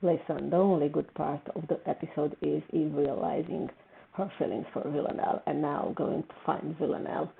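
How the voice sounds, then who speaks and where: A woman's voice: low-pitched, steady tone, normal speed, gravelly. A woman hosting a casual TV reaction video, talking emotionally and repeating herself when upset. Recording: tinny phone-like sound with faint noise.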